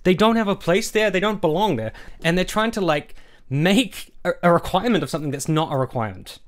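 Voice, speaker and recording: A man's voice: high voice, animated, fairly quick. A man ranting on a vlog in an angry, sarcastic, heavily profane way. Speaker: YouTuber.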